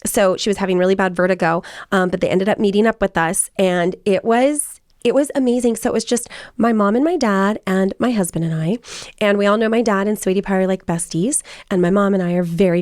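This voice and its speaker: A woman's voice: medium pitch, fairly quick, no room sound, clean studio sound. A woman in her forties hosting a casual chat, telling stories and quoting people as she goes. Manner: chatty storytelling, quotes people in lively voices. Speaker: host.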